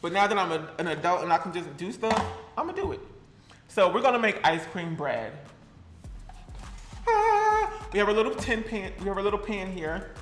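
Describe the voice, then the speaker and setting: A man's voice: high-pitched, animated, a little fast, fairly bright tone, reverberant. A young man chatting sassily to the camera while he cooks, with a playful, easygoing manner. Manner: sassy, chatty, talks to the camera and to his things. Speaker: cooking vlogger. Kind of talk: casual cooking vlog.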